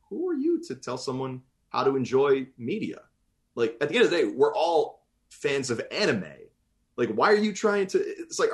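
A Boston man appears as a voice actor guest in a casual interview chat. His pitch rises and falls widely as he rambles, often breaking off mid-sentence to start over and laughing easily.

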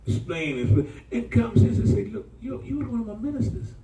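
A man preaching in a high, lively voice, swooping up and down as he tells stories to his congregation. His tone is dark and mellow, and he sounds set back from the mic in an echoey church. He talks in a loose, colloquial way. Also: a little fast. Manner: animated, colloquial, calls out to the congregation. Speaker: pastor. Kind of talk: sermon storytelling. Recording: echoey room from far off.

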